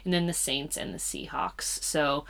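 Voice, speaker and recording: Young female co-host, bright tone, playful and teasing in casual chat. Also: sits low, fairly even intonation, moderate pace. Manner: playful, jokey, makes sound effects. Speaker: podcast co-host.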